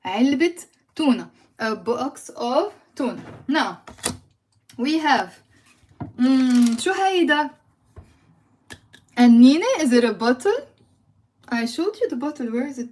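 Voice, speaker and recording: A woman's voice: high voice, expressive, brisk, long pauses, darkish tone. A young woman with a Lebanese accent teaches a live language lesson, quizzing viewers and moving between Arabic and English.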